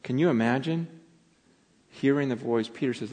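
A middle-aged man preaching a sermon as pastor, telling the story in an animated way that swings from loud to hushed. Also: medium pitch, moderate pace, pauses often. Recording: long reverb of a large hall.

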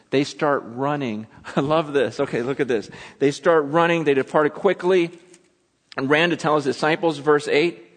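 Fired-up preacher guy, kinda high voice, acting out the bible stories, big echoey church sound. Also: normal speed. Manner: animated, dramatizes scripture with acted voices. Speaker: pastor. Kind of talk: sermon.

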